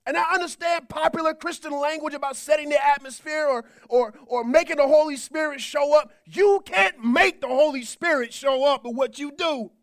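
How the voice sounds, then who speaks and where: Preacher, male, very high voice, dynamic delivery from quiet to loud. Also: moderate pace, hardly any pauses, no room sound, studio quality. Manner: dynamic, swings from quiet asides to shouting. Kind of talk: sermon.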